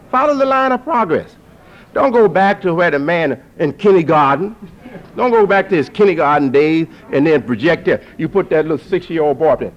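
A man preaching to an audience, who repeats phrases for emphasis and climbs to forceful peaks. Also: a little high. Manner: lively, rising to forceful peaks. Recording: dull lo-fi recording.

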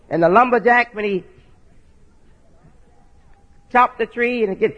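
With a very high voice, a measured pace and long pauses, this preacher teaches folksily, spelling out words and tossing in rhetorical "right?" check-ins with his audience. The recording is dull and lo-fi, with a long hall reverb.

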